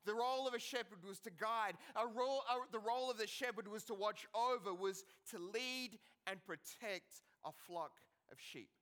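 Bright high-pitched pastor. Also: male voice, moderate pace, few pauses. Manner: earnest, repeats words, asks the congregation questions. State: limping after an accident. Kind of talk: sermon. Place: church hall.

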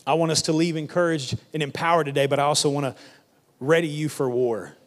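A man's voice: on the high side, steady tone, fast. A male pastor preaching a sermon, building intensity and repeating lines for emphasis, with casual phrasing like "y'all" and "ain't.". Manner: colloquial Southern-church phrasing, "y'all" and "ain't".

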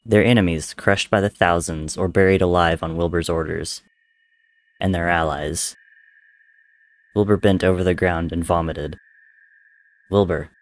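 Deep-voiced man narrating a dark tale. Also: steady tone, a little slow, long pauses, no echo. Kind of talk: dramatic story reading.

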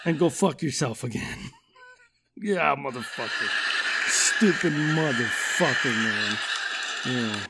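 A man's voice: medium pitch, expressive, slow pace, gravelly, long pauses, noisy background. A middle-aged man hosting a podcast, telling rambling comic stories in a profane, ranting way. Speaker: podcast host. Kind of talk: comedic rant monologue.

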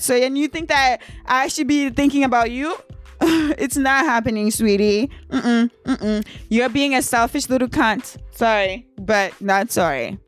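A woman's voice: a little high, fairly bright tone. Young woman chatting a storytime, blunt and laughy, bit of music behind. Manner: candid, laughing, emotional, blunt. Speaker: vlogger. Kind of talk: casual storytime.

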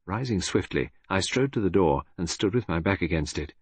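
A male narrator reading a story aloud in a low, slightly husky voice. His delivery is expressive, with pitch moving widely from line to line. The recording is dry and close. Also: normal speed, no room sound. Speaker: audiobook narrator. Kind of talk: scripted narration.

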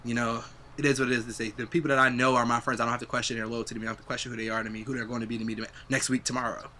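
A man's voice: mid-range voice, level tone, very fast, pushed and bright, a little hiss or hum. A young adult man hosting a podcast, chatting casually and reflectively, swearing freely. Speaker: podcast host. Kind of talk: casual chat.

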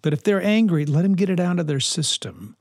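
A man giving parenting advice in a reflective, earnest talk, unhurried and touched with dry humor. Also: high-pitched, very animated, darkish tone, no echo. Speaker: parenting speaker.

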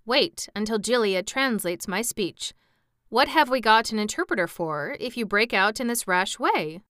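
A woman's voice: a little high, animated, moderate pace, a bit bright, no echo, clean studio sound, voice pushed up. A woman voicing a pompous, severe male scarecrow king who speaks in a lofty, reproving way, in a storybook reading.

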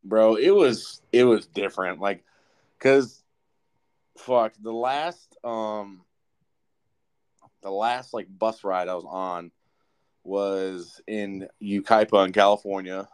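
Low-voiced young man telling a rambling story. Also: slow pace, long pauses, clean tone. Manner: profane, rambling, animated. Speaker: podcast co-host. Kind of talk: casual storytelling.

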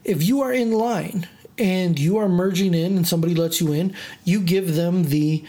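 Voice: medium pitch, moderate pace, warm tone. A podcast host in a casual monologue, telling stories in a chatty way, full of fillers and restarts. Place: lives in Chicago area.

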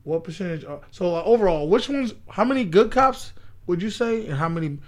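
A man with a notably high voice co-hosting a casual podcast. He gives his views in an animated, opinionated way, often with a laugh in his voice. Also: a little fast. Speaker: podcast co-host. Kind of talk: casual chat.

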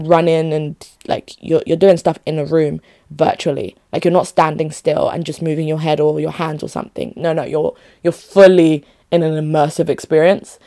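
Chatty woman with a lowish voice. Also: dark tone. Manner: chatty and emphatic, often restarting phrases. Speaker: vlogger. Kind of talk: casual talk to camera.

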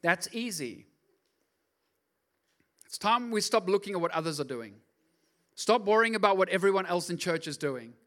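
A middle-aged man preaching a lively, joking sermon as pastor, often acting out voices in his stories. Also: sits high, normal speed, long pauses. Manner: animated, jokey, acts out voices.

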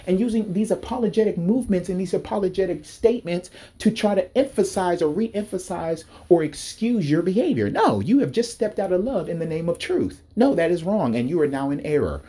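Man preaching with fervor; husky, darker timbre, repeats phrases and leaps upward when heated. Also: lively intonation, a little fast, few pauses, warm tone. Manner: fervent, repeats himself, pitch climbs sharply when worked up. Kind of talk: impassioned sermon-style talk. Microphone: speaking to a recording device.

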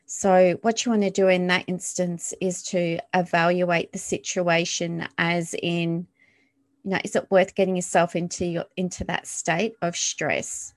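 A woman hosts a solo wellness podcast in a calm, reflective coaching voice that sits a little low for a woman. She keeps putting rhetorical questions to the listener. The sound is dry and close, with no room around it. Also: unhurried, no room sound. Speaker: podcast host.

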